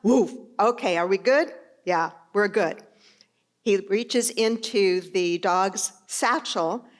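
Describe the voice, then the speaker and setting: Conversational woman pastor telling stories. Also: on the high side. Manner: conversational storytelling. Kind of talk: sermon.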